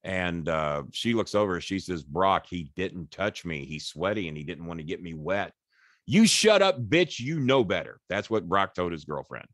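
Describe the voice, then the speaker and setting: A man's voice: low voice, normal speed, few pauses, a bit bright, no room sound, studio quality. An older man, a podcast guest, animatedly retelling a story in casual chat, swearing freely and acting out the quoted voices.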